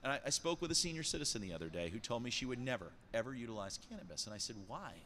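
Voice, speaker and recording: Animated podcast guest, bright, lively delivery, slight background noise. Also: male voice, medium pitch, rapid-fire. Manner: animated, repeats words when emphatic. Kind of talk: podcast conversation.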